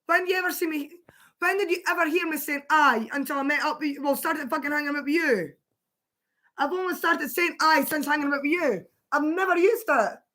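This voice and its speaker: A woman's voice: sits high, a little fast, bright, forceful tone. A woman hosting a livestream, chatting casually with her partner, swearing freely and laughing often. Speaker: livestream host.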